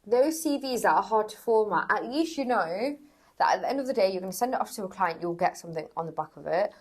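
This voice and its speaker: A woman's voice: mid-range voice, animated, slightly rough. A young woman co-hosting a casual chat, talking things through in a chatty, persuasive way. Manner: chatty, persuasive, quick to agree. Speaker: co-host.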